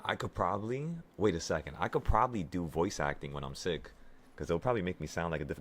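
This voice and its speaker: Deep-voiced sick man narrating live trades. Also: fast talker. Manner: excitable, profane, self-talking. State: sick, voice affected by illness. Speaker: trading vlogger. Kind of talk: live trading commentary to viewers.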